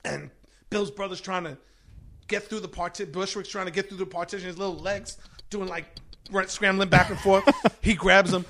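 A middle-aged man, a podcast guest, telling a story in an animated, profane way and acting out the other people's voices. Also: sits high, normal speed, background noise.

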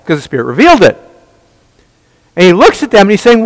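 Male Bible teacher with a very high, animated voice, fond of rhetorical questions and quick restarts. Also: in a large hall, poor audio. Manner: rhetorical questions, answered at once; frequent restarts and repeated words.

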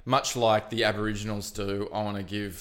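Un hombre que copresenta un podcast deportivo en charla informal, bromeando y contando anécdotas con tono burlón. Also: male voice, on the low side, flat delivery, fairly quick. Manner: joking, storytelling, mock eulogy delivery. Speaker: podcast co-host. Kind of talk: casual chat.

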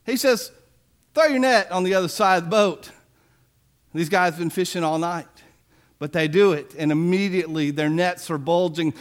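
Man in his forties, pastor, sermon, casual storyteller, light joking, high voice. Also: normal speed. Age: 40s. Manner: conversational storytelling with self-deprecating humor.

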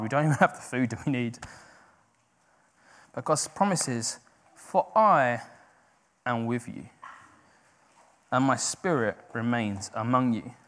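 A man preaching a sermon, swinging from hushed, slow emphasis to loud, rising exhortation, correcting himself as he goes. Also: mid-range voice. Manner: self-correcting, with brief laughs.

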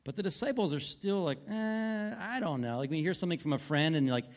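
Speaking very fast in an animated, rather high voice, this thirty-something pastor with a wife and kids delivers his sermon as casual storytelling. He keeps restarting and wandering into asides.

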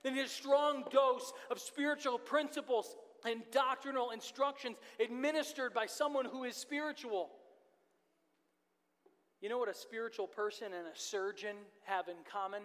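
A man's voice: very high voice, fairly even intonation, normal speed, fairly bright tone, big-room sound. A man in his thirties preaching a sermon as pastor, earnest and repeating his key phrases for emphasis. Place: church sanctuary.

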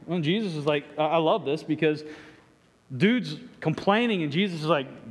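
A man's voice: on the high side, moderate pace. A man preaching a sermon as pastor, stumbling through many restarts and acting out voices. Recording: echoey hall reverb.

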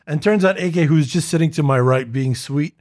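A man's voice: a little high, a little fast, darkish tone. Chatty man explaining the game. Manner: explains rules plainly, wry and chatty. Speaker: podcast co-host. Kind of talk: casual chat.

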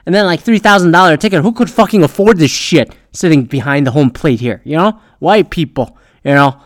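A man's voice: fairly high pitch, brisk, no echo, clean studio sound. A young man telling a story in a rambling, casual way, swearing often and filling gaps with "uh" and "like.". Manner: rambling, heavy swearing, frequent fillers.

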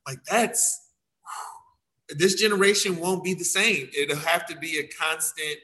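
Man dance teacher, casual chat, bright tense voice, slightly high, acts out quotes. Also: moderate pace, poor audio. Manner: animated, acts out quotes of himself and others. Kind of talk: casual conversation.

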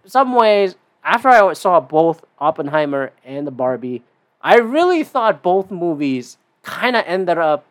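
A man hosting his own podcast alone, talking casually in a rambling, profane way with lots of fillers and big jumps in pitch. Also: very animated, unhurried. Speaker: podcast host. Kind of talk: casual solo podcast monologue.

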